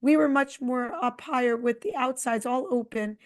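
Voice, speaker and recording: A middle-aged woman co-hosting a podcast, chatting casually and telling a long, animated travel story. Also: sits high, moderate pace. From Connecticut. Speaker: podcast co-host. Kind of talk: casual chat.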